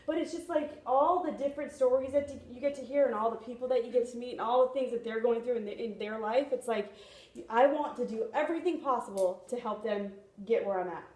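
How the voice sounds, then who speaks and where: A woman's voice: a little high, brisk, a little mellow. Chatty woman speaking in an echoey room. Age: young adult. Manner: chatty, often asks "you know what I mean?". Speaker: speaker at a sales training meeting. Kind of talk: motivational talk to a room. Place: meeting room.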